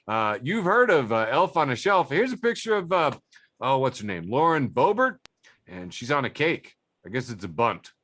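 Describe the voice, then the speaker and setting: A man's voice: mid-range voice, big pitch swings, moderate pace, a bit bright. A man hosting a casual comedy podcast, reading out funny posts and laughing often between them. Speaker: podcast host.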